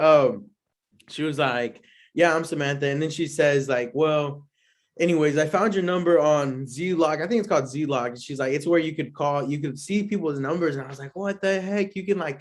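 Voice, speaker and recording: Young man rambling through a story. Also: fairly high pitch. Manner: rambling, laughs often, slangy filler-heavy talk. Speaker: podcast host. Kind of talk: casual storytelling.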